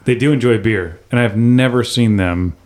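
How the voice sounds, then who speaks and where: A man's voice: on the low side, moderate pace, darkish tone. A man hosting a casual beer-tasting podcast, laughing often as he talks. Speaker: podcast host.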